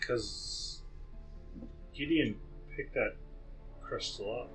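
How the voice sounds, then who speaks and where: A man's voice: medium pitch, very slow, a bit bright, faint music behind. A man playing a tabletop game, chatting casually, musing aloud and laughing often with the group. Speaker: player.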